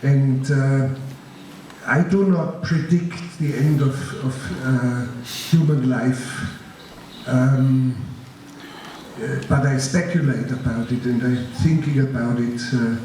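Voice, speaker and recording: A man with a German accent giving a master class, telling his story in a slow, deliberate, grave way and answering audience questions. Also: medium pitch, steady tone, mellow. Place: large lecture hall. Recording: echoey hall, distant mic, faint noise.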